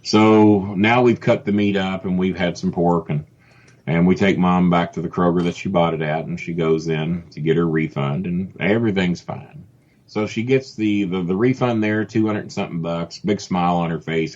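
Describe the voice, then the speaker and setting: A man telling a long comic story about himself in a casual, animated way. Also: low-pitched, normal speed, dull audio. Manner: animated, mimics voices, laughs often. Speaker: podcast guest telling a story.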